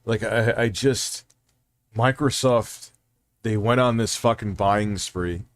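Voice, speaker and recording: A man's voice: fairly low pitch, unhurried, no echo. A man hosting a casual livestream, rambling and swearing freely while reading out chat messages. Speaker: livestream host.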